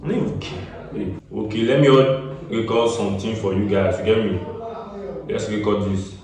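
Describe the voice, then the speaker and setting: A Nigerian man gives a casual music-recording tutorial in a lowish voice at normal speed, chatty and repetitive, dropping Pidgin asides like "get me?". He's in a small echoey room, far from the mic, with a crowd audible in the background.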